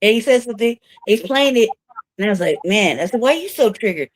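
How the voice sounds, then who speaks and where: A woman's voice: a little high, expressive, quick pace, dry recording. Profane, laughing woman co-host. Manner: profane storyteller, laughs often. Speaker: co-host of a news talk show. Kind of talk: casual chat. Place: her own room.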